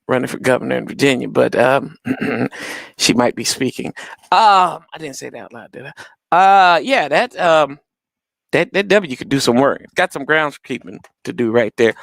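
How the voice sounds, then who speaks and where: Animated man hosting a casual stream. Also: mid-range voice, vocal fry, no echo, clean studio sound. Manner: animated, laughs loudly, talks to chat. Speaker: live stream host. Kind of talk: casual live-stream watch party chat.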